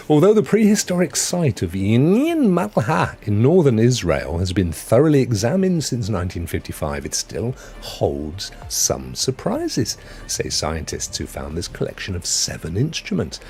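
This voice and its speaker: A man's voice: medium pitch, huge pitch swings, unhurried, darkish tone, husky. A man hosting a gaming news live stream, chatty and jokey, laughing often. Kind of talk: casual live-stream chat.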